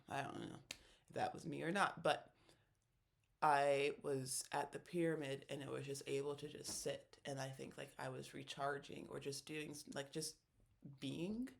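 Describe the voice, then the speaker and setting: A video creator in a casual, reflective monologue, speaking at an ordinary middle pitch with a lot of vocal fry. The talk rambles and restarts, and it stays earnest and openly emotional. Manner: rambling, with many fillers and self-corrections.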